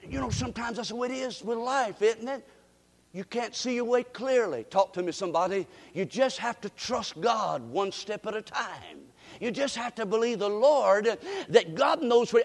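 A man preaching a sermon, telling folksy stories and calling on the congregation to answer back. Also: high-pitched. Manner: preaching with call-and-response to the congregation; folksy storytelling with frequent restarts. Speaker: pastor. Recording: long reverb of a church hall.

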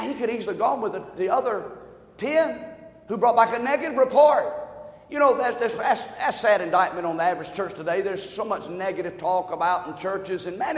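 A man preaching a sermon, telling a folksy joke story and swinging from quiet talk to shouting. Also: sits high. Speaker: pastor. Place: church sanctuary. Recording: echoey hall, long reverb.

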